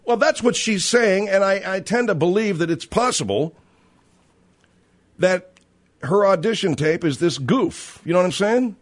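A man hosts a casual talk radio chat, reading a news item aloud and riffing on it. His voice sits a bit higher than most men's. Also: animated, unhurried. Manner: reads news aloud and riffs on it.

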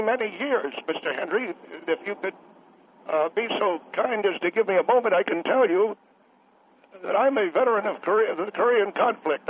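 A courteous, halting old veteran, put on by a man, speaks over a thin, tinny phone line. His voice sits high for a man and keeps calling the host sir with formal politeness. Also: slight background noise, close to an everyday voice. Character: elderly male navy veteran caller, polite, formal. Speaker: caller.

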